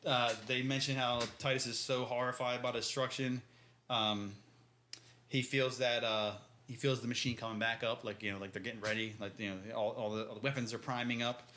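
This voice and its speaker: Over slight background noise, a male podcast co-host talks fairly quickly in a medium-pitched, level, sharp voice. He goes through a book chapter in relaxed, slangy chat, voicing the characters as he goes.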